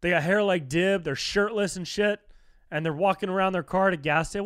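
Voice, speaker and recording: A man's voice: high voice, brisk, smooth, no room sound, studio quality. A young man hosting a solo podcast, ranting in a loose, profane, comic way and leaning hard on words like dude and bro. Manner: profane, animated, slangy, says dude and bro a lot. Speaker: podcast host. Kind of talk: solo comedic rant.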